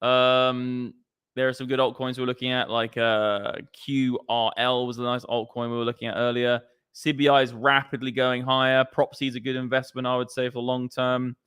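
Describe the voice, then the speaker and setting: A man hosting a laid-back trading show, full of banter and casual swearing. His voice is bright and crisp, sitting at an ordinary pitch. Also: flat delivery, moderate pace. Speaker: host of a crypto trading show. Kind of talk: casual group chat.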